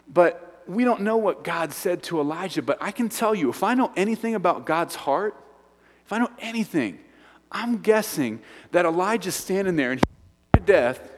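A man preaching a sermon to a congregation. He acts out voices and swings from excited shouts down to hushed whispers. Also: a little high, normal speed, long reverb tail. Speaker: pastor. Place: large church hall.

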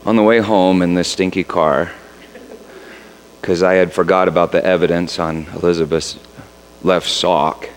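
A middle-aged father telling a funny family story in an animated way, now and then putting on the voices of children. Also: deep voice, normal speed, long pauses, a little hiss or hum. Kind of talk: storytelling talk. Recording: reverberant hall.

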